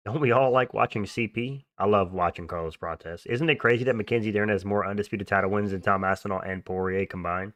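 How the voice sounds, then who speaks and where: A man's voice: fairly low pitch, fairly quick, few pauses, fairly bright tone, no echo. A young man hosting a livestream, chatting casually and answering viewer comments in slangy, offhand talk. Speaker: livestream host.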